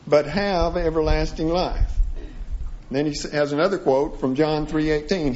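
A man teaching a sermon-style Bible lesson, reading passages aloud and then breaking them down piece by piece with frequent restarts. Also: fairly high pitch. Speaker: preacher. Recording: dull lo-fi recording.

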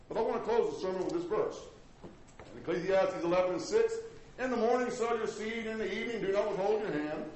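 A male pastor preaching a sermon, swinging from loud highs to low murmurs. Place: church sanctuary. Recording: echoey hall with faint noise.

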